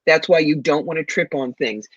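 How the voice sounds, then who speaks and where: A woman's voice: low voice, moderate pace, slightly rough, no room sound, muffled recording. A woman giving psychic readings to viewers in a confident, familiar way, calling people darling. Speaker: psychic medium guest.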